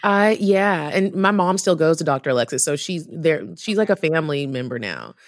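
A woman guest on a podcast, telling a story in casual chat, animated and profane, acting out the people she quotes. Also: low voice, normal speed, dry recording, studio quality.

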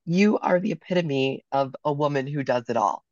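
Hoarse female podcast co-host, effusive interviewer, dry and dull-sounding recording. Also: sits low, moderate pace, darkish tone, no room sound. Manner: effusive, gushing. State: hoarse from a cold. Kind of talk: casual interview chat.

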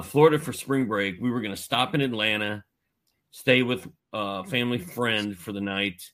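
A man in his fifties from Indianapolis, telling a long story as a podcast guest in a lively, filler-heavy way. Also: lowish voice. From Indianapolis, United States. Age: 50s. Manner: animated, with many fillers and asides. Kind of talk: casual storytelling.

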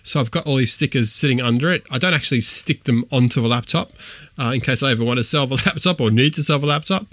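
A man's voice: medium pitch, quick pace, fairly bright tone, no echo. A man hosting a podcast in casual, rambling chat, with fillers and restarts. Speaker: podcast host.

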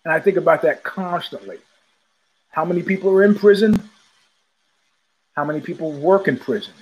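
Man from New York, podcast host, husky, fairly high-pitched, rambling, digressive. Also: normal speed, a little mellow, rough recording. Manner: rambling, digressive, full of fillers and restarts. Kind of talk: casual monologue.

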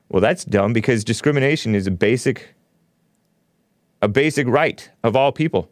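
A man's voice: on the low side, lively intonation, normal speed, no echo, clean studio sound. A man hosting a talk show, talking in a rambling, opinionated monologue with frequent chuckles. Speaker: show host.

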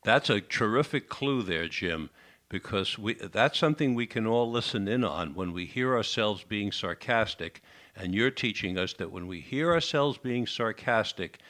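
A man's voice: on the low side, a bit bright. A man hosting a radio interview, summing up the guest's points and checking back with him. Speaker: radio host.

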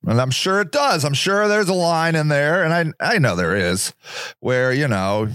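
A man's voice: on the high side, sing-song, unhurried, pauses often, fairly bright tone, no echo, clean studio sound. A man hosting a casual solo podcast, rambling sarcastically and mocking other people's voices. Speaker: podcast host.

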